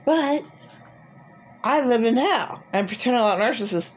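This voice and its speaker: A woman's voice: on the high side, expressive, measured pace, a little hiss or hum. A middle-aged woman talking in an agitated, rambling personal monologue full of filler words. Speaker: vlogger.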